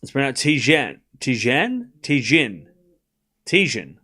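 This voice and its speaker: A lively, chatty male stream host with a medium-pitched, slightly rough voice. He runs a live tennis watchalong, offering casual live commentary and chat with viewers, talking straight to his live chat with quick asides and restarts.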